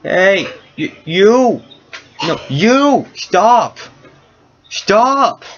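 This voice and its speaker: Man playing cranky old merchant, shrill. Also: big pitch swings, extremely slow, full character voice. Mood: shouting. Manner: yelling, grumpy, cursing. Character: cranky old male merchant, eighty, shouty. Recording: dull lo-fi recording with faint hiss.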